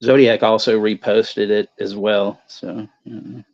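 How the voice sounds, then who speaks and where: A man co-hosting a casual movie watch-along stream, telling stories in a halting, rambling way full of fillers. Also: on the low side, flat delivery, darkish tone. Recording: dull lo-fi stream audio.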